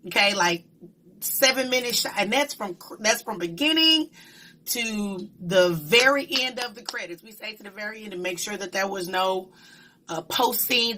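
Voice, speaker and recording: A woman gushes through a casual movie review in a bright, forceful voice. She talks emphatically and slips into slang. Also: mid-range voice.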